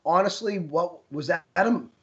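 A young man co-hosting a podcast tells stories in casual conversation, laughing as he talks. His voice is high-pitched and a bit bright at a normal speed, and the podcast audio sounds dull and lo-fi.

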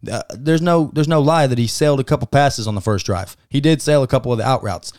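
A man's voice: mid-range voice, fast, a little mellow. A man co-hosting a casual sports podcast, giving emphatic, profane opinions on football. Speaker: podcast co-host.

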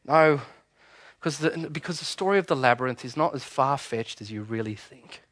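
A man preaching a sermon in a church, animated and conversational, often restarting his sentences. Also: mid-range voice, moderate pace. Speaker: pastor.

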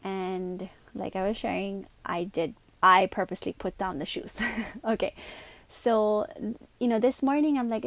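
A woman's voice: mid-range voice, fairly even intonation, no echo. Earnest woman hosting a solo podcast. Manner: earnest, confiding, mixes quick asides with slowed emphasis. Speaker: podcast host. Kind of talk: reflective solo podcast monologue.

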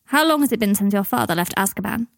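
A woman's voice: mid-range voice, animated, quick pace, gravelly, no room sound, studio quality. Woman reading a curt, stern older woman. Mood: blunt. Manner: curt, blunt.

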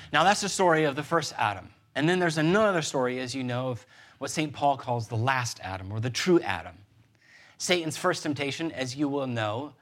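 A man in his thirties preaching a sermon as pastor, earnest and gentle, building emphasis through repetition. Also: on the high side.

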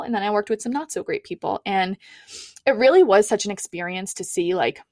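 A woman's voice: medium pitch, no room sound, studio quality. A young adult woman, a coach and podcast guest, telling her own story in a candid, chatty way with frequent "like" fillers. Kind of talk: casual personal storytelling.

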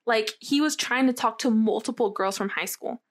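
A young woman with a slightly high voice tells a story in loose, casual chat. She is animated and swears freely. She keeps pulling the listener in with quick questions.

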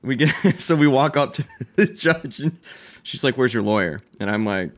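A young man co-hosting a casual chat, telling a story with lively quoted dialogue, swearing and laughing as he goes. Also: medium pitch, moderate pace. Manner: animated, acts out quoted dialogue, swears freely, laughs often. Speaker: podcast co-host.

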